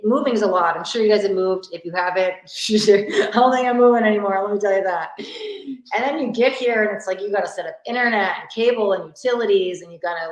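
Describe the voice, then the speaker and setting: A woman money mindset coach giving a casual live masterclass talk, chatty and full of "like" fillers, in a sparsely furnished new home. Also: mid-range voice. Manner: chatty, frequent "like" fillers and restarts. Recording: echoey empty room.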